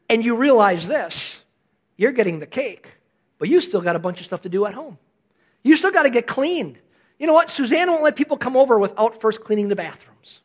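An older man preaches in a casual, storytelling way, asking his congregation one question after another. His voice sits high and swings widely in pitch. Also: a bit bright. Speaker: pastor. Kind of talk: sermon.

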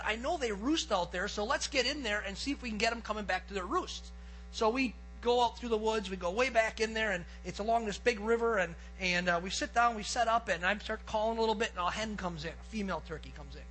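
A male pastor preaching, telling a personal story with lively energy and acting out the quoted lines. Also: high voice, fairly quick, slight background noise, low-quality recording. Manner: lively storyteller, acts out quotes and gets excited. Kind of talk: sermon with a personal hunting story.

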